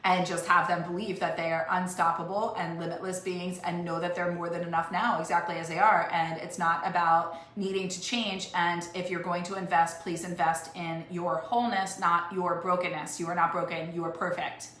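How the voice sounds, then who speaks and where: A woman life coach talks to camera at normal speed with few pauses, her voice on the low side, level, and a bit bright. The talk is heartfelt and emotional, full of restarted phrases, recorded in an echoey room with faint noise.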